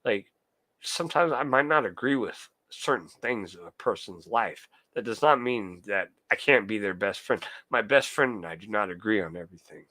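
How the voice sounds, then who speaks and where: A man's voice: fairly low pitch, expressive, normal speed, pushed and bright, no room sound. A young man streaming live, ranting heatedly and swearing a lot while answering his chat. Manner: profane, heated, talks to chat. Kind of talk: casual ranting monologue.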